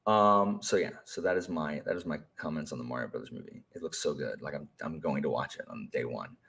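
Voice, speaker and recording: A young man talking casually to a live stream chat, rambling and animated, with many fillers and restarts. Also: a bass voice, a little fast, creaky. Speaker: teacher.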